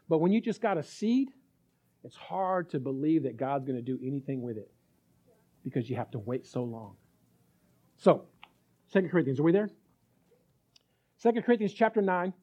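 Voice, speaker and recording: A man preaching a sermon as pastor, animated, acting out little dialogues and asking his listeners if they follow. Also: high voice. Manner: animated, acts out little dialogues, asks the crowd.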